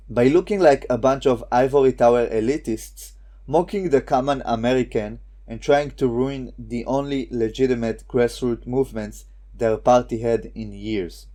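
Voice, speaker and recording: Man, commentary host, sarcastic and scornful, mellow low-key tone. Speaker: political commentator. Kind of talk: scripted online commentary.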